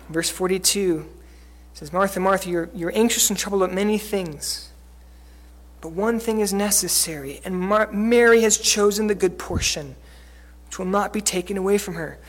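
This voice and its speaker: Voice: mid-range voice, moderate pace. A preacher giving a sermon in a conversational way, using many fillers and acting out quoted lines.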